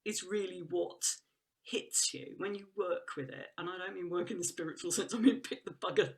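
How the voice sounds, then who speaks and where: A woman appears as a guest in a casual conversation, talking enthusiastically and ramblingly about trees and woodland work. Her voice sits on the low side, with fairly even intonation and a normal speed. She often restarts her sentences and laughs.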